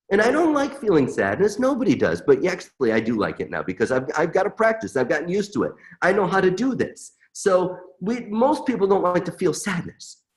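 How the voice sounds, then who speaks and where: A middle-aged man earnestly demonstrating an emotional technique as a webinar presenter, repeating mantras with feeling. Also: high-pitched.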